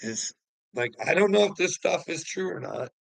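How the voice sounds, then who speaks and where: A man's voice: on the high side, lively intonation, normal speed, vocal fry, fairly bright tone, dry recording, low-quality recording. A man ranting on a livestream, preachy and taunting, swearing and mocking the person he addresses. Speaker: channel host. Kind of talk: confrontational livestream rant.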